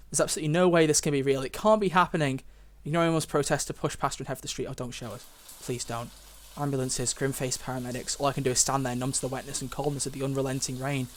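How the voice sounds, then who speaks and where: Young man, streamer, narrating a game, emotional, exclamatory, medium pitch. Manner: emotional, swings from hushed reading to loud exclamations. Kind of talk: reading a visual novel aloud with live reactions.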